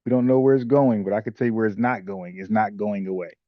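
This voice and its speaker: A man co-hosting a talk show, giving blunt, slangy, animated opinions and mocking the people he discusses. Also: fairly low pitch, fast talker, no room sound. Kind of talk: casual opinionated chat. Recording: dull lo-fi dry sound.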